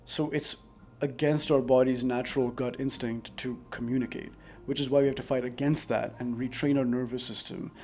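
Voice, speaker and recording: An advice vlogger speaks straight to camera in a warm, mid-range voice, offering earnest, rambling relationship advice packed with "like" fillers. It's a casual monologue recorded on a new dedicated microphone.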